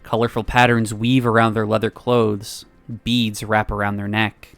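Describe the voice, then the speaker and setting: A man streaming, reading a visual novel aloud with expressive narration and laughing asides. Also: lowish voice, moderate pace, gravelly, no room sound.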